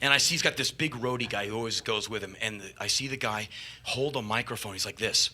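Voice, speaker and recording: A man telling a live spoken-word story on stage into a stage microphone, animated and swearing, jumping to shouts at the peaks. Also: fairly low pitch, fairly quick, background noise.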